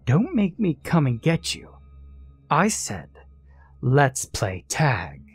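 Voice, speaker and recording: A man voicing an eerie ghostly little girl in a horror story, speaking in a high, sing-song childish way. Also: wildly swooping pitch, slow pace, slightly rough, soft background music, full character voice. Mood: demanding.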